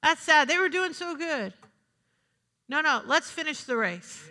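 A woman pastor giving a lively sermon, swinging between loud acted-out asides and soft, low emphasis. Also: a little slow, long reverb tail. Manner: lively preaching with acted-out asides, rising and dropping sharply.

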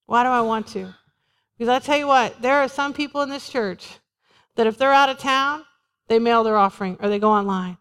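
A woman pastor preaching a sermon in a church, talking in a conversational way and repeating short refrains. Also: a little high. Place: church sanctuary. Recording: long hall reverb.

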